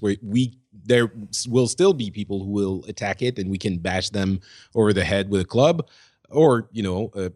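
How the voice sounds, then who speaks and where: A man co-hosting a casual gaming podcast, thoughtful and measured, often restarting phrases. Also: fairly low pitch, a little mellow, no room sound, clean studio sound. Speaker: podcast co-host.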